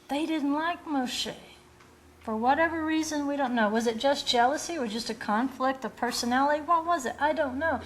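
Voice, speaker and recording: A woman preaches with a fairly high voice. She is earnest and direct, and she poses rhetorical questions to her listeners. She acts out quoted lines as part of her teaching. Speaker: Bible teacher. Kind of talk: sermon.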